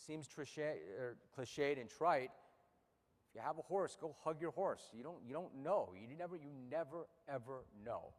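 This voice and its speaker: A man in his fifties speaking emotionally to an audience about losing his racehorse, halting and repeating words when upset. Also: a little high, animated, big-room sound. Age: 50s. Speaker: racehorse owner and radio host. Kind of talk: emotional personal speech to an audience. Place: room with a live audience.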